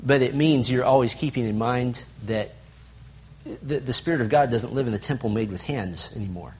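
A man's voice: medium pitch, moderate pace, a little mellow, slight background noise. A man teaching a Bible lesson to a group, stressing lists and asking the room questions. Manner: asks the audience questions, emphatic lists.

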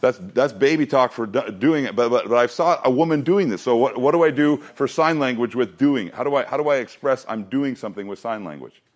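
Speaking to a youth group of students, this middle-aged pastor from student ministry has a mid-range voice. He lingers on the memory lines, stressing them deliberately, and tosses in jokes along the way.

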